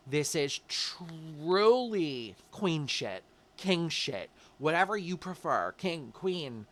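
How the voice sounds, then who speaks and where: A man's voice: on the high side, fairly bright tone. A man giving a casual, upbeat tarot reading, encouraging the listener and calling them babe. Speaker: tarot reader.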